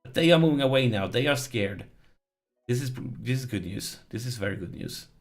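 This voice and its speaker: A man's voice: mid-range voice, lively intonation, moderate pace, faint music behind. A man commenting on his strategy game as he plays, pleading with it and groaning when it goes wrong. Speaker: let's play host.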